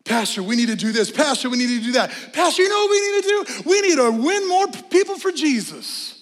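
A preacher mimicking an eager churchgoer. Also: male voice, very high voice, big pitch swings, brisk, fairly bright tone, in a large hall, faint music behind, pitched above the performer's own voice, full character voice. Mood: eager pleading. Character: adult churchgoer giving the pastor eager suggestions.

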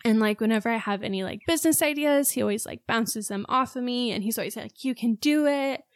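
A woman's voice: a little high, fairly quick, dry recording, clean studio sound. A woman co-hosting a casual podcast, chatty and openly emotional as she talks. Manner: chatty, gets emotional and laughs through tears. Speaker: podcast co-host, esthetician.

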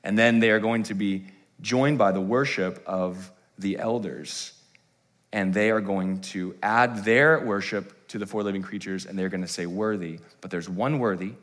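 Man, pastor, church sermon, dramatic scripture reading, soft to loud swings, bright tone. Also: on the low side, normal speed. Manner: swings from soft hushed lines to loud proclaiming ones. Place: church sanctuary.

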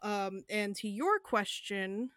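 A woman's voice: medium pitch, lively intonation, takes it slowly, fairly bright tone, no room sound, clean studio sound. A woman voicing a middle-aged dwarf councilwoman guard, polite but firm, with a faint Southern American cadence. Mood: firm, apologetic.

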